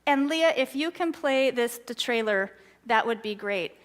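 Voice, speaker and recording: A middle-aged woman giving an earnest, excitable talk at a church, telling stories from her own life. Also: a little high, measured pace. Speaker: guest speaker.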